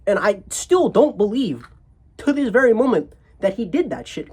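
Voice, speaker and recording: A husky young man rambles through a comedic storytime, swearing constantly and tripping over restarts. His delivery is animated and full of exasperation, with a somewhat breathy edge to the voice. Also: high-pitched, moderate pace.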